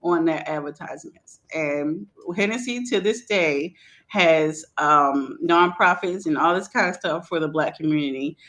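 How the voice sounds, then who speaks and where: A woman co-hosting a casual podcast chat, telling a story in an animated, colloquial way with frequent laughter. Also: low voice, unhurried. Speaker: podcast co-host.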